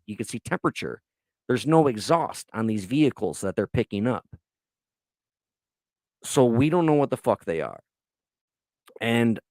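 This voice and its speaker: A man hosting a podcast in casual chat, rambling excitedly and swearing often. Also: on the low side, no room sound. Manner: profane, rambling, excitable storytelling. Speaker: podcast host. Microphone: laptop recording.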